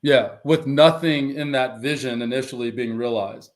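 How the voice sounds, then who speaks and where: A middle-aged man recounts his story on a podcast in a candid, lively way. He slips into quoted dialogue as he talks. His voice sits at an ordinary middle pitch. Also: moderate pace. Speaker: guest, former pro football player and life coach.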